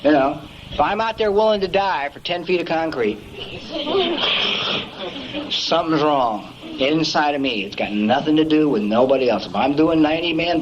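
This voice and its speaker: A man's voice: on the high side, lo-fi sound, noisy background. A man giving a folksy, emphatic storytelling talk at a recovery meeting, peppering it with "man" and "you know".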